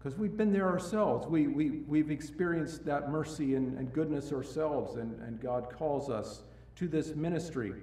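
A man preaching a sermon in a church. He swings between loud, emphatic rises and quiet, low passages, and often restarts and repeats words. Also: normal speed, hardly any pauses. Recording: echoey room, mic at a distance.

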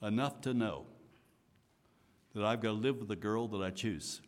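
A man preaching a sermon, swinging from loud emphatic lines to soft hushed asides. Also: on the low side, moderate pace. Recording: long hall reverb.

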